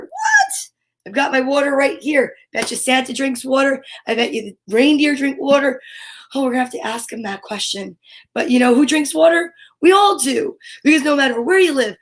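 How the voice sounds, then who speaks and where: A woman with a New Jersey accent hosting a live children's story time, talking to young viewers in an animated, sing-song way. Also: high-pitched. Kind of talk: live-streamed children's program.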